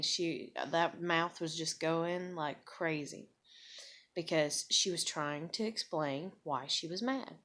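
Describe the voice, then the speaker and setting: Speaking straight to camera, a woman vlogger airs a personal grievance with blunt anger and plenty of profanity. Her low voice has a slightly bright quality.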